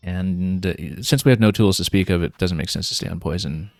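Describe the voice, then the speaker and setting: A man's voice: sits low, brisk, creaky, a little mellow, no echo. A man streaming a video game, thinking aloud and planning his next moves with casual fillers. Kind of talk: casual gameplay commentary.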